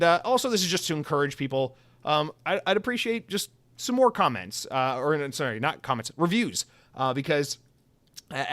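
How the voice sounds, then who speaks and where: A man's voice: medium pitch, a bit bright, no echo. A young man hosting a solo podcast, talking casually in a sarcastic, rambling, self-mocking way. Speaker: podcast host.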